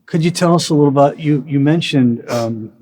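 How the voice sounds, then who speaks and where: A man's voice: a little high, a little fast, a little mellow. A man hosting an interview, asking friendly questions that stumble over repeated words. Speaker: interview host. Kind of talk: conversational interview.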